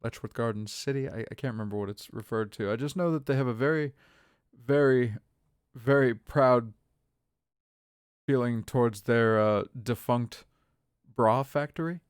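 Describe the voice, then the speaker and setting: A man's voice: medium pitch, normal speed, long pauses, smooth, dry recording, studio quality. A man in his thirties streaming a game live, chatting in a rambling way with his viewers between moves. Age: 30s. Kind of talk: live gameplay commentary.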